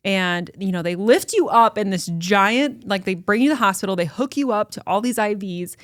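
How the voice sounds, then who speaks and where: A young woman talks animatedly into a close, dry mic, her pitch sitting mid-range for a woman. She tells a personal story loosely, with plenty of fillers and quoted asides. It sounds like a relaxed podcast conversation. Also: moderate pace, no echo. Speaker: podcast host. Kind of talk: casual conversation.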